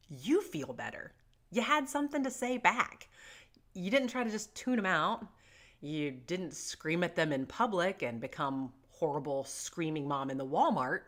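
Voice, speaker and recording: A middle-aged woman with a fairly low voice that swings widely up and down as she talks. She chats to camera about parenting in a joking, self-deprecating way, playing up her stories. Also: a bit bright. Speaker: parenting vlogger. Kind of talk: casual advice to camera.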